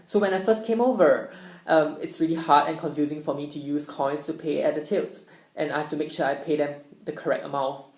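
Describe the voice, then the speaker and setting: A young woman with a low voice gives an upbeat student presentation, explaining things clearly. Her voice carries a noticeable room echo. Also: a little fast, darkish tone. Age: young adult. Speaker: international student. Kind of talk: presentation talk. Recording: echoey room.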